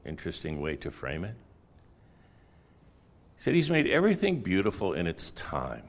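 A man's voice: sits low, wildly swooping pitch, moderate pace, pauses often. A middle-aged man preaching a sermon in a conversational way, with folksy asides and rhetorical questions. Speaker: pastor.

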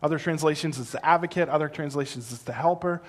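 A middle-aged man preaching a sermon, telling stories with animated, loud peaks and teaching in a slow, soft, earnest way. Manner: animated storytelling that builds to loud, high exclamations. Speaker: pastor.

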